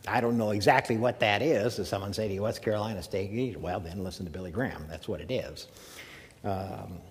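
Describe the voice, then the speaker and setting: A man from the American South giving a measured academic lecture, with emphatic phrasing and pauses. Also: deep voice, long reverb tail. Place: lecture hall.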